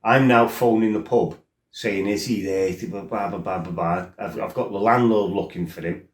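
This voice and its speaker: A middle-aged man with a somewhat low voice tells stories from his past in a blunt, rambling way, often stopping to check that the listener is following. His voice bounces around a roomy space, which gives it a noticeable echo. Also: normal speed. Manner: blunt and rambling, with frequent "you know" and "right?". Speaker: former kickboxer telling his life story. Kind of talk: casual spoken storytelling.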